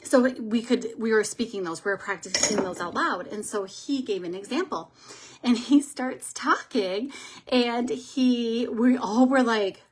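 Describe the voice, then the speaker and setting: A woman's voice: mid-range voice, normal speed, husky. A woman chatting casually on a livestream as she does her makeup, telling rambling stories as she goes. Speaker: makeup artist and livestream host. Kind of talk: casual livestream chat while doing makeup.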